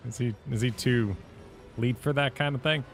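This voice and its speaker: A man playing a co-op game with friends, talking quickly, laughing along and explaining the controls. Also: mid-range voice, soft background music. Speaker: co-host and player. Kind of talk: casual gameplay banter.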